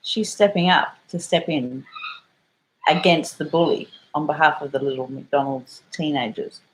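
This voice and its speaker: A woman's voice: deep voice, measured pace, a little hiss or hum, low-quality recording. An Australian woman telling a story in a casual vlog, rambling and swearing and full of fillers. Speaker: vlogger.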